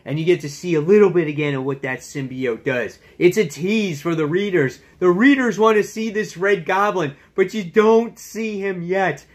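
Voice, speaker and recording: A man's voice: high voice, normal speed, few pauses. A man hosting his own comic book review channel, talking in an enthusiastic, chatty way full of fillers. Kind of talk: casual review vlog.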